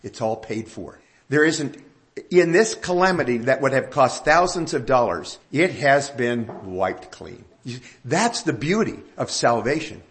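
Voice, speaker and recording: Animated older male preacher. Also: mid-range voice, unhurried. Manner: animated storytelling, rising emphatic questions. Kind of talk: sermon.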